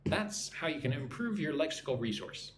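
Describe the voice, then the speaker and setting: A man teaching an English lesson on a live stream, talking slowly and checking in with "right?" after his points. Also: fairly high pitch, very animated, background noise. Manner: slow, repeats points with frequent "right?". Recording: echoey room, faint ambience.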